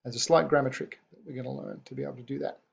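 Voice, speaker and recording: A man teaching a recorded online language lesson, patiently repeating new words slowly. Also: medium pitch, fairly even intonation, vocal fry, breathy edge. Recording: dull lo-fi recording.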